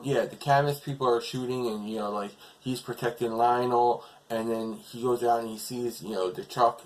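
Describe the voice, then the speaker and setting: A man's voice: lowish voice, rough recording. A man casually retelling a TV episode as a reviewer, rambling along with lots of fillers.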